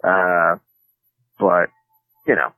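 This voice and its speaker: A man's voice: sits low, steady tone, drawn-out words, pushed and bright, no room sound, low-quality recording. Joking man rambling in a dry studio. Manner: joking, rambling with many fillers. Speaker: podcast host and jiu-jitsu commentator, guest. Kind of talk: casual interview chat.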